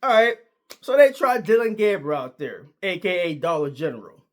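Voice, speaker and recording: A man's voice: sits high, sing-song, normal speed. A man giving a casual, emphatic sports opinion monologue, full of slang and repeated points. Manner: emphatic, repetitive, slangy, argumentative. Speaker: sports commentator.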